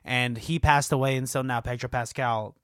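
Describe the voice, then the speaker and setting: A man's voice: mid-range voice, steady tone, normal speed, smooth, dry recording, clean studio sound. A man co-hosting a casual movie talk, laid-back, swearing and acting out lines. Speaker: podcast co-host.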